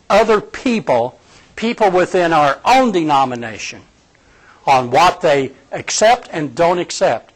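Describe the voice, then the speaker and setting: A man's voice: on the high side, expressive, measured pace. A man preaching a sermon in a conversational way, addressing his listeners directly.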